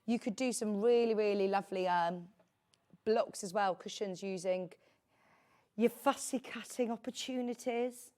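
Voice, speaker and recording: A middle-aged woman sells fabric on a shopping channel, chatting casually in live TV sales talk and wandering into friendly asides. Her voice is medium in pitch, a little slow, with a darkish tone.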